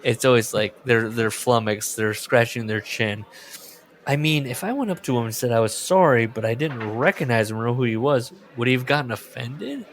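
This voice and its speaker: A man's voice: medium pitch, normal speed. A man co-hosting a casual podcast chat, riffing on a book and reading its lines aloud in joking voices. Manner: riffing, reads book quotes in mock voices. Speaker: podcast co-host.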